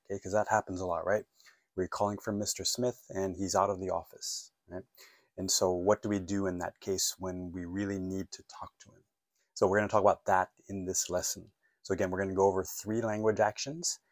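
Male English teacher, middle-aged, low voice, dry close mic, patient and encouraging, has learners repeat phrases. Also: dry recording. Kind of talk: online language lesson.

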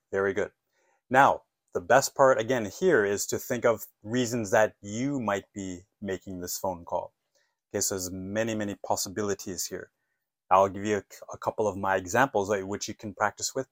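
A man teaching an English lesson, modeling phone phrases clearly and patiently asking listeners to repeat after him. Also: on the low side, moderate pace, dry recording.

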